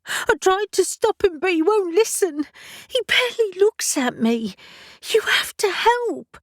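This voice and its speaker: A woman narrator voicing a desperate young woman near tears, pleading in a high, breathless voice. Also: expressive, measured pace, dry recording, studio quality. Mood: frantic.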